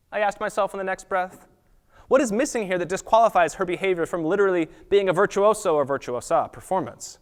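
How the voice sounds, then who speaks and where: A man giving an academic lecture at a college, reading prepared text in a measured way and sometimes correcting himself. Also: sits high. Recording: long reverb of a lecture hall.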